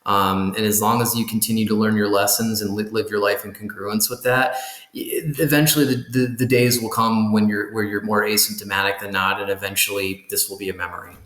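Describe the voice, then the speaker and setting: Low-voiced man in an echoey room. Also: little pitch movement, brisk, fairly bright tone. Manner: thoughtful, many restarts and repeated words. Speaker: physician guest. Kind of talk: casual conversation.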